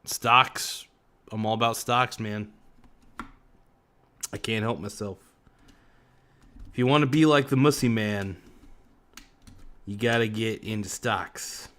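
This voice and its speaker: A man's voice: lowish voice, slow pace, pauses often, sharp tone. A man hosting a casual livestream, chatting loosely to viewers in the chat with a slightly sore voice. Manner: laid-back, chatty, talks to viewers in chat, frequent "man" and "dude". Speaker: livestream host.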